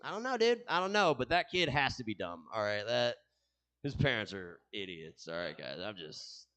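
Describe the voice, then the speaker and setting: A young man doing a rambling stand-up set with self-deprecating dark humor. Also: mid-range voice, very animated, moderate pace. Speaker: stand-up comedian.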